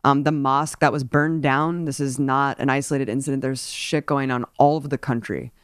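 A woman's voice: rumbling low, steady tone, brisk, smooth, no echo, studio quality. A woman hosting a casual political discussion, indignant and rambling with many fillers. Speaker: political commentary host.

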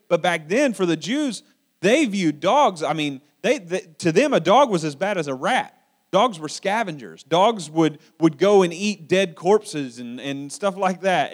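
A man with a notably high-pitched voice delivering a sermon. He talks in a relaxed, conversational way, often stumbling and repeating words while he finds his phrasing. He sounds middle-aged and paternal. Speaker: pastor.

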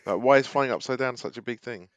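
A man's voice: medium pitch, fast, no echo. A man in a casual chat who throws in bemused, joking asides.

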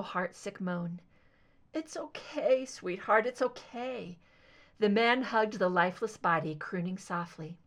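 A woman narrating a fan fiction audiobook with steady, expressive storytelling. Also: mid-range voice. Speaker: audiobook reader.

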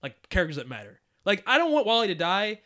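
A young man in casual conversation, his voice bright and lively as it swings up and down. He talks bluntly, swears freely and breaks into laughter often. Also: sits high, fast. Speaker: podcast co-host. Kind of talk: casual chat.

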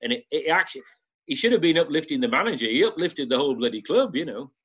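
A man telling a lively football-club story in a relaxed, chatty way, breaking into laughter along the way. His voice sits at an ordinary pitch. The sound is dull and slightly lo-fi. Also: fast talker, breathy edge. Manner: anecdotal, laughs while telling. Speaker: former football club director. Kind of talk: casual storytelling.

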